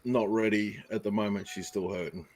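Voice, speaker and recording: A man's voice: lowish voice, fairly even intonation, brisk, darkish tone. Dry, wisecracking man over a noisy background. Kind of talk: casual group chat on a live stream.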